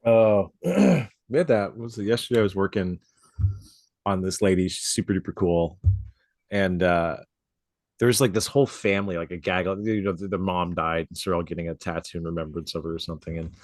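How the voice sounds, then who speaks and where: A talkative man with a low voice co-hosts a tattoo podcast. He chats loosely, swears freely and laughs often, recorded dry and close with little room sound. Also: brisk, darkish tone, dry recording. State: coughing from a drink gone down the wrong pipe. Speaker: podcast co-host and tattoo artist. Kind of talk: casual chat. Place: home studio, outside noise nearby.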